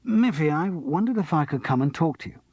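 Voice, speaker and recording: Man doing a hesitant polite male actor, faltering, husky lifted voice, audiobook. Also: fairly high pitch, animated, fairly quick, darkish tone, no echo, pitched above the performer's own voice. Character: wry, hesitant middle-aged male actor.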